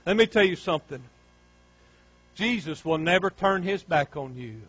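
A man preaching a sermon with fervor, swinging from near shouts down to low, quiet lines. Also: lively intonation, moderate pace, dry recording, lo-fi sound. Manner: fervent, rising to near shouts and dropping low. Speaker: pastor.

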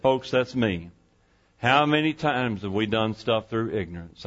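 A man's voice: lowish voice, lively intonation, unhurried, a bit bright, muffled recording. A male pastor preaching a sermon in a church, folksy and conversational, asking the congregation rhetorical questions. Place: church sanctuary.

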